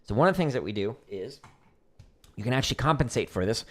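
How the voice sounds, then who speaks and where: A man's voice: mid-range voice, expressive, fast, fairly bright tone. A man hosting a casual livestream drum lesson, explaining technique as he demonstrates, with frequent "like" fillers.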